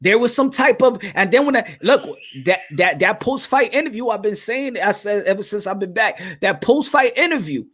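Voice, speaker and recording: A man giving opinionated boxing commentary in an animated, repetitive way, often restarting his phrases. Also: high voice, normal speed, hardly any pauses.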